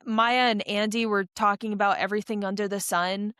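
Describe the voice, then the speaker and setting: A young adult woman, an ultra runner appearing as a podcast guest, tells a long story in a casual, rambling way, full of fillers and restarts. Her mid-range voice is steady, a little fast, fairly bright, clear, and resonant, in a dry, clean studio recording.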